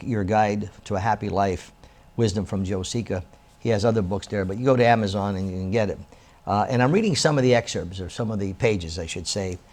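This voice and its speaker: A man's voice: lowish voice, a little mellow. An older man hosting a local TV show, chatting casually and then reading book passages aloud with rising emphasis.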